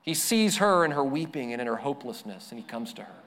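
A man preaching a sermon as a pastor, earnest, slowing down and dropping softer to stress his points. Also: mid-range voice, sing-song.

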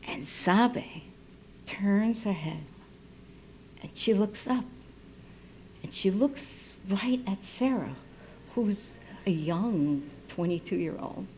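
A woman who works as a midwife, telling a personal story live in an unhurried, intimate way and dropping to a soft hush when she quotes herself. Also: medium pitch, animated. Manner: unhurried, intimate, drops to soft near-whispers when quoting. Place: radio station studio. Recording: live radio broadcast, faint noise.

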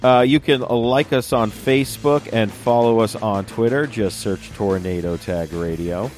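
A man's voice: fairly low pitch, normal speed, a little mellow, faint music behind. A young man co-hosting a casual podcast chat, rambling with lots of fillers. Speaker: podcast co-host.

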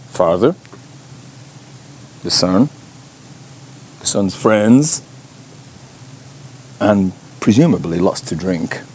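A man's voice: medium pitch, darkish tone, husky. A man teaching a Bible class in a chatty way, full of fillers and rhetorical questions. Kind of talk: informal teaching talk.

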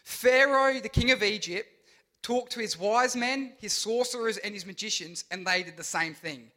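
An animated young man preaching to youth, with a high voice. He tells Bible stories in a lively, joking way, throwing in sound effects and silly voices. His tone is bright and forceful. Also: moderate pace. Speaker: youth pastor. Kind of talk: energetic youth sermon.

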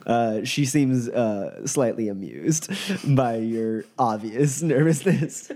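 A man's voice: medium pitch, expressive, takes it slowly, warm tone. A man narrating a tabletop game as game master, rambling with many fillers and frequent laughs.

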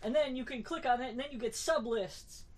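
A woman's voice: high-pitched, a little fast. Wry chatty woman podcaster. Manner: chatty and wry, many fillers and restarts. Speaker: podcast co-host. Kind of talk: casual podcast chat.

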